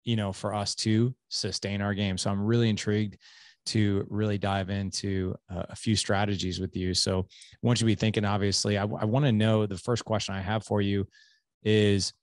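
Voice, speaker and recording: A man's voice: lowish voice, flat delivery, moderate pace, no echo, clean studio sound. A man in his forties hosting a podcast interview, telling a candid, self-deprecating story from home life. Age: 40s. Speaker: podcast host.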